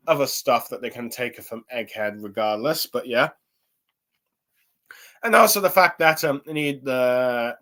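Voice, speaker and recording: Young male reviewer, mid-pitched, loose rambling delivery full of ums and restarts. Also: fairly bright tone. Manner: rambling, many fillers and restarts. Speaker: anime and manga reviewer. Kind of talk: casual spoken review.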